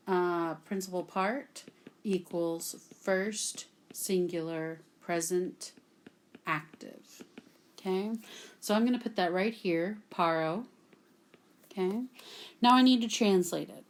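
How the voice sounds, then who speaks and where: A woman from Texas, teaching a classroom grammar lesson at a whiteboard and patiently checking in with "okay?" after nearly every point. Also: mid-range voice. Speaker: Latin teacher.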